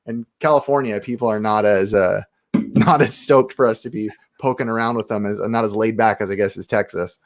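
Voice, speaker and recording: A man's voice: on the low side, fairly quick. Upbeat talkative man on a livestream. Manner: upbeat, talkative anecdote teller. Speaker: YouTube show host, guest. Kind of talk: casual livestream chat.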